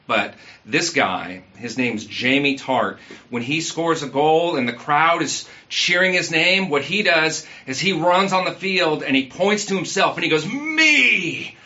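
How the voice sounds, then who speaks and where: A man's voice: a little high, pushed and bright, highs cut off. A man preaching a sermon in a conversational way, asking the congregation questions and using everyday fillers. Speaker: pastor.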